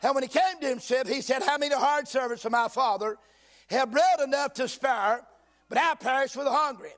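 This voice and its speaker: High-voiced preacher reading scripture slowly. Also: male voice. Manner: reads scripture slowly in old King James wording, breaking off with folksy asides; rises to shouted emphasis. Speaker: pastor. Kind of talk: sermon. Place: church sanctuary.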